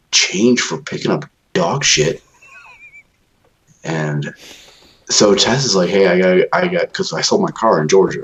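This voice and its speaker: A man's voice: sits low, a bit bright, a little hiss or hum, poor audio. A man co-hosting a podcast, telling long profane stories in casual chat and acting out what others said. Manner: profane rambling storytelling, acts out quoted voices. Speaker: podcast co-host.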